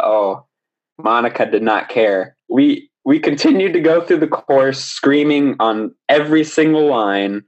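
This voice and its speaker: A young man tells a story in a relaxed, animated way, his voice sitting at an ordinary middle pitch. He laughs often as he talks. The recording is slightly dull and lo-fi. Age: young adult. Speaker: podcast guest. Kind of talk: casual storytelling.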